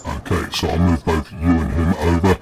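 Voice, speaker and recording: A man's voice: deep voice, flat delivery, normal speed, poor audio. A man narrating a tabletop game as game master, describing the scene evenly and unhurriedly.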